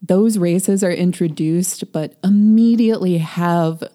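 Low-voiced woman chatting about books. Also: takes it slowly. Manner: animated, laughs often, mocking quotes. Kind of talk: casual book discussion.

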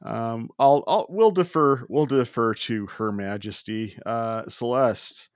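A man co-hosting a podcast in casual chat, animated and jokey, often restarting his sentences. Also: medium pitch, slow, no room sound, clean studio sound. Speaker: podcast co-host.

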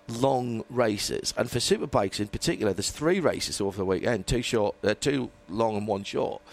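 A man hosting a motorsport radio podcast in casual chat, rambling through his points with fillers and restarts. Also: mid-range voice. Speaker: host.

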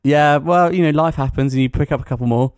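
A man's voice: fairly high pitch, fast talker, darkish tone, dry recording, studio quality. A man co-hosting a podcast in casual chat, playful and teasing. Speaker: podcast co-host.

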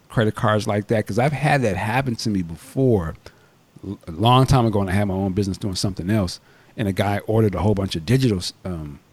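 A man's voice: fairly low pitch, a little mellow, breathy edge. A man hosting a podcast, telling a story in a blunt, profane, casual way. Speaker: podcast host.

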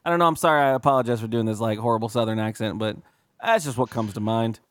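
A man's voice: medium pitch, quick pace, fairly bright tone, no echo, studio quality. A man co-hosting a podcast, chatting casually with lots of fillers, swearing and mock indignation. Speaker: podcast co-host. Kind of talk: casual chat.

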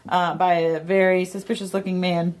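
Low-voiced woman thinking aloud at play. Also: flat delivery, normal speed, darkish tone, a little hiss or hum. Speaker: player. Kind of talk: casual tabletop play.

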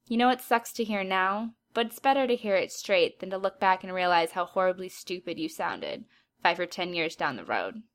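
A woman's voice: lowish voice, lively intonation, moderate pace, lightly acted. A woman voicing a cruel, condescending teenage girl in a storybook reading, sneering as she talks.

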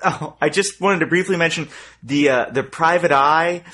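A man hosting a casual film podcast, thinking out loud with frequent ums and repeated words. His voice is bright and forward, pitched a little high for a man. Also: moderate pace, a little hiss or hum. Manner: hesitant, lots of restarts and ums. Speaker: podcast host.

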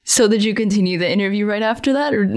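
An interviewer puts quick, short questions to a guest. The pitch sits in a middle range. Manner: brief questions and short acknowledgments.

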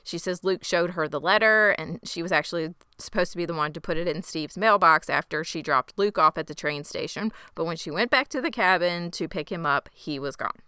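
A woman's voice: on the low side, fairly quick, hardly any pauses, pushed and bright, clear, resonant tone, no room sound, studio quality. A woman co-hosting a podcast, recapping a TV episode in casual chat with wry, sarcastic asides. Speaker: podcast co-host.

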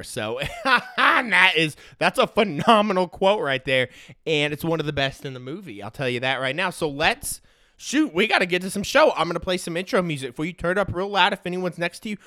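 A man's voice: mid-range voice, animated, normal speed, pushed and bright, no echo, clean studio sound. A young man hosting a podcast on his own, chatting casually in a rambling, joking way and laughing often. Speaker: podcast host. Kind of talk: casual solo podcast chat.

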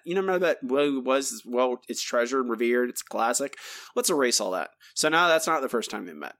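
A man rants through a casual podcast chat, exasperated and wound up. His pitch swings widely as he talks, leaping high and dropping low. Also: a little fast. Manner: exasperated, ranting, animated. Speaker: podcast co-host.

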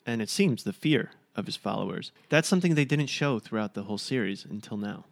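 A man co-hosting a casual podcast, talking in a thoughtful, measured way. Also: lowish voice, lively intonation, vocal fry, no room sound. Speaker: podcast co-host. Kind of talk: casual book and show discussion.

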